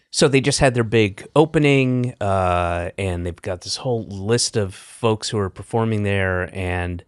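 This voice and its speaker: A man's voice: lowish voice, clear, resonant tone, no echo. A man hosting a casual podcast chat, dry and wry, rambling with lots of fillers. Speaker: podcast host. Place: New York.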